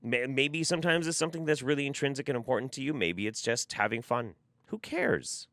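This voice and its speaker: A man reacting to a clip, ranting with exasperation and plenty of swearing. His voice sits at an average pitch, and the sound is dry and close. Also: animated, a little fast, a bit bright, no echo. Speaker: commentary YouTuber. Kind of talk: reaction commentary.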